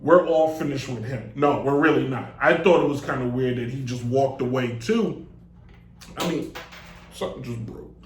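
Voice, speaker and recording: A man's voice: medium pitch, moderate pace. A man hosting a live sports talk show, rambling and joking with lots of digressions into a desk mic. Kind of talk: casual live show monologue. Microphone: desk mic on a stand. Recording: echoey room.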